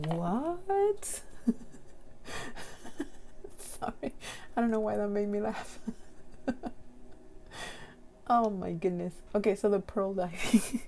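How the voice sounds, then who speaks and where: A young woman with a non-native English accent giving a casual tarot reading to camera, giggling often and reading card text slowly and carefully. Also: mid-range voice, creaky, darkish tone, a little hiss or hum.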